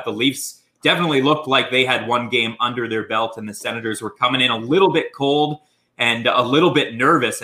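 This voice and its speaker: Bright-voiced man, strained from screaming. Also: medium pitch. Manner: animated game recap, many "uh" fillers. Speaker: podcast co-host. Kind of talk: casual sports podcast chat.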